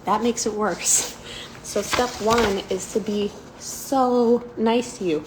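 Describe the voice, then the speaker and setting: A woman giving a casual self-help talk, candid and profane, with playful asides and soft, soothing self-talk. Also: on the high side, normal speed, noisy background.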